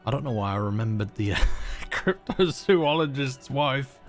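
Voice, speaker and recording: A man's voice: medium pitch, moderate pace, soft background music. Chatty man streaming a game. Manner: relaxed, chatty, filler-heavy, laughs easily. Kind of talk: casual livestream chat while playing.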